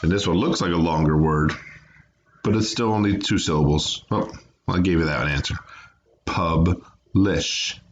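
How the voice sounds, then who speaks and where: A man's voice: deep voice, fairly quick, highs cut off, a little hiss or hum. A man teaching a remote phonics lesson to children, patiently sounding out words and syllables. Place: home, away from classroom.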